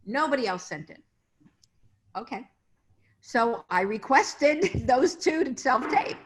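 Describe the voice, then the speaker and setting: Speaking slowly in a high voice with lively intonation, a middle-aged casting director shares chatty industry stories during a casual video-call interview, imitating the voices of the people she quotes.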